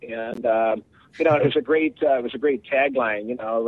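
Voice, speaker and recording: A man's voice: medium pitch, fairly quick, slight background noise. A man being interviewed as a guest, rambling and filling his talk with "you know". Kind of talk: casual phone interview. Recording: tinny phone line.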